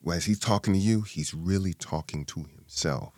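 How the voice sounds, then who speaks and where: A man with a very low, deep voice speaks as a chaplain and guest in a podcast conversation. He explains ideas calmly, like a teacher. The recording is dry and close. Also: normal speed, dry recording. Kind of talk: conversational interview.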